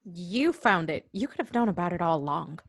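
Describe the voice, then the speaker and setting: A woman reading the part of an impatient, sharp-tongued guest in an amateur script read-through, with wry lines. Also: on the low side, lively intonation, a little fast, no echo.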